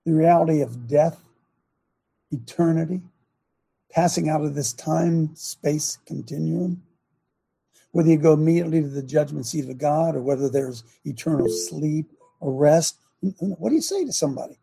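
Gravelly emphatic preaching man. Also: a little high, normal speed, mellow. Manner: emphatic, rhetorical questions, preachy. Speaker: show host and preacher. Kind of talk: preaching talk show chat.

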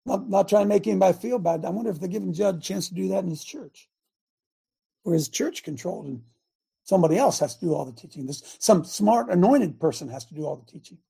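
Gravelly, impassioned older preacher. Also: male voice, high voice, warm tone. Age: 60s. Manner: impassioned, folksy, repeats for emphasis. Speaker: preacher and show host. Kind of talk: sermon.

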